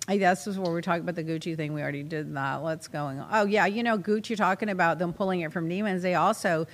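A woman's voice: on the low side, quick pace. A woman hosting a casual chat show, chatty and opinionated, laughing as she reads out jokes. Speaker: host.

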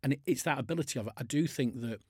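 Husky chatty businessman on a podcast. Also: mid-range voice, racing, darkish tone, no echo, studio quality. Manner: chatty, restarts a lot, uses sports stories. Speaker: business chairman, podcast guest. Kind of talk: casual podcast conversation.

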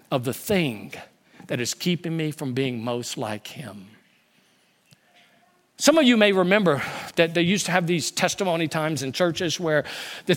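A male pastor delivering a sermon in a high voice. He is animated and swings between loud, emphatic lines and hushed ones. He acts out quotes as he preaches.

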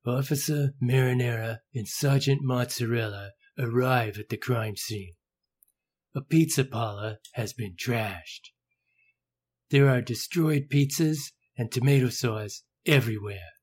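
A man's voice: medium pitch, a little slow, darkish tone, lightly acted. A man narrating a comedy sketch as its announcer, dry and matter-of-fact.

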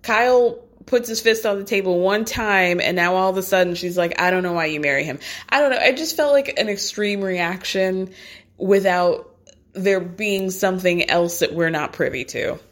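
A woman casually recapping a reality show episode in a gossipy, animated way, laughing often and swearing casually. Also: lowish voice.

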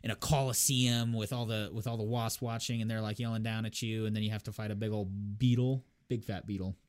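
A man co-hosting a casual podcast chat, eagerly retelling a video game and acting out its characters in quick voices. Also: on the low side, fairly even intonation, darkish tone. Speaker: podcast co-host.

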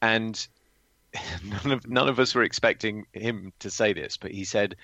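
A man's voice: on the low side, moderate pace, no echo. A man telling an anecdote in casual podcast chat, restarting words as he talks. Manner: animated storyteller, restarts words. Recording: dull, dry lo-fi sound.

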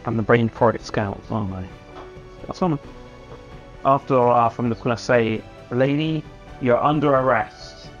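A man's voice: mid-range voice, normal speed, long pauses, lo-fi sound, soft background music. A man playing a tabletop game, chatting in a joking, rambling way. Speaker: player. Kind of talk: casual play chat.

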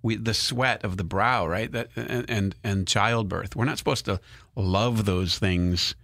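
A man's voice: lowish voice, measured pace, gravelly, fairly bright tone, no echo, studio quality. A man hosting a casual conversation, asking questions and reflecting aloud, often repeating words as he thinks.

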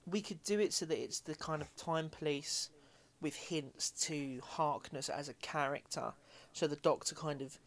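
A man with a slightly raised pitch talking casually. He pitches ideas eagerly and swears freely. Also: moderate pace. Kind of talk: casual chat about film ideas.

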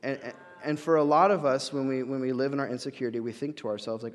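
A young man preaching in a relaxed, chatty way, full of fillers and restarts, now and then acting out the voices he quotes. His voice sits at an ordinary middle pitch. It rings with a long reverb, as in a large hall. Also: fast talker. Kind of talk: conversational sermon.

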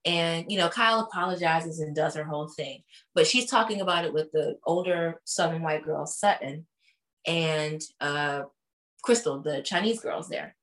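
A woman's voice: low-pitched, moderate pace. A woman co-hosting a casual chat, retelling a reality show with blunt, profane comments and acting out the people she quotes. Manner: animated storyteller who acts out the people she quotes. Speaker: podcast co-host.

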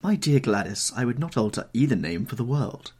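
A languid, epigram-loving gentleman, played by a man reading aloud, drawling his paradoxes with wry amusement. The voice sits somewhat above the reader's low, husky own and moves lively through each line. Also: brisk. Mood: amused. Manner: drawling, pronouncing witty paradoxes.

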